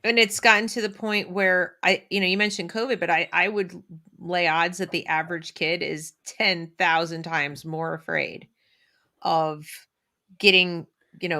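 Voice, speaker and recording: Middle-aged woman on a podcast, kinda low voice, chatty and animated. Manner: animated, acts out quotes of her kids. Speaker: podcast co-host. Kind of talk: casual conversation.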